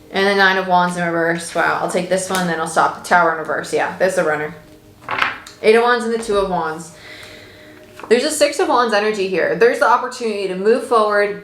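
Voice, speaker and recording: A woman's voice: medium pitch, a bit bright. A woman giving a casual, chatty tarot reading, reassuring her listeners and swearing now and then. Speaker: tarot reader. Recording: echoey room with faint noise.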